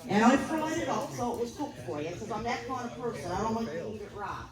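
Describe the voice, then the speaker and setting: Middle-aged Newfoundland woman hosting a lively ceremony, high-ish, heard from afar in a roomy hall. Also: fast. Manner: folksy, joking, loud to a crowd. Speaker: ceremony host. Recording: roomy hall from a distance with crowd.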